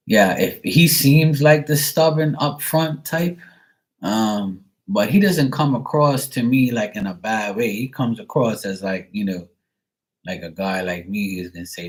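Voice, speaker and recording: A man's voice: fairly low pitch, unhurried, low-quality recording. A man giving a live psychic reading in a casual, rambling way, full of fillers and the odd swear word. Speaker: psychic reader.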